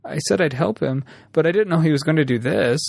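A man reading a story aloud, voicing a guilt-ridden young man who talks in a hurried, pleading way. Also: on the high side, animated, vocal fry, darkish tone, no room sound, clean studio sound, pitched above the performer's own voice. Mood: remorseful.

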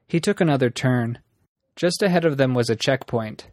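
A man narrating a story in an even, measured reading. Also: medium pitch, no room sound, studio quality. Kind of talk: audiobook narration.

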